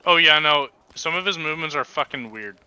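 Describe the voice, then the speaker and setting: A man's voice: a little high, animated, a little fast, bright, forceful tone, rough recording. A man in casual gaming chat, dry and matter-of-fact. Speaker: gamer. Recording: background noise.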